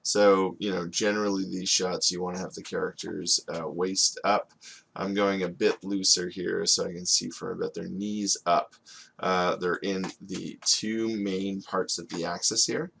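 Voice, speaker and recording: Guy teaching a storyboard class, gravelly lowish voice, laid back, keeps saying okay?. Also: a little slow. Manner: relaxed and conversational, with frequent fillers. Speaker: animation storyboard instructor. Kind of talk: casual screen-recorded tutorial.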